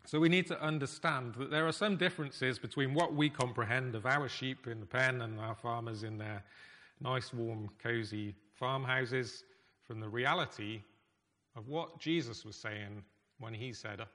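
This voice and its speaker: A man preaching a sermon in a conversational, emphatic way, with pauses. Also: medium pitch, sharp tone. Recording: echoey hall reverb.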